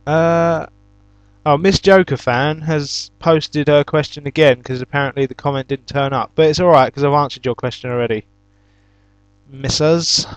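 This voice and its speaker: Young British male gaming host, casual Q&A delivery, slightly higher voice, dry close mic. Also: no echo. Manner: chatty storyteller, flares into loud exasperated shouts. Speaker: YouTube gaming channel host. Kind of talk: casual Q&A answering viewer comments.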